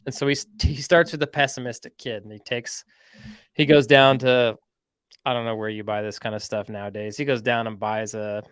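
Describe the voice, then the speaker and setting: A man at a middle pitch tells a long story on his podcast in a loose, rambling way, padding it with "like" and "right?". The sound is dry and close, with no room around it. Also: fairly even intonation, brisk, fairly bright tone, smooth, dry recording. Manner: chatty, rambling, lots of "like" and "right?". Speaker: podcast host. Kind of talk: casual storytelling.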